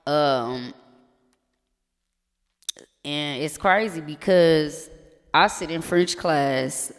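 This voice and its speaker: A live streamer chatting casually, rambling and slangy with plenty of swearing, stumbling now and then into halting French. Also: medium pitch. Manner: rambling, loose and profane, slangy. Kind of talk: casual chat. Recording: long reverb with music behind.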